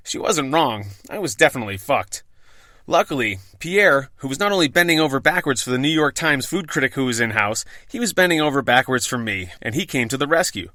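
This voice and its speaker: Profane, wry male storyteller with a bright voice. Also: medium pitch, expressive, dry recording, clean studio sound. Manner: profane, wry, dramatic pauses. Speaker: podcast host and bartender. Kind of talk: storytelling narration.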